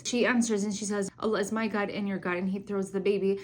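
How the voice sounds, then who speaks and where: A woman's voice: mid-range voice, little pitch movement, fast talker, a little mellow, a little hiss or hum. An earnest young woman tells a religious story and then reflects on it in a heartfelt way. She talks casually, with plenty of "like" and "you know" as she goes. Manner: earnest, conversational, many fillers. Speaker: Islamic speaker.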